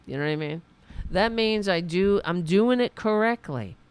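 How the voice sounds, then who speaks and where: A woman's voice: mid-range voice, animated, moderate pace, clean tone, dry recording. A woman hosting a political commentary show, talking casually with a sarcastic, mocking manner over faint music. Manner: sarcastic, mocking, reading out comments in mimicking voices.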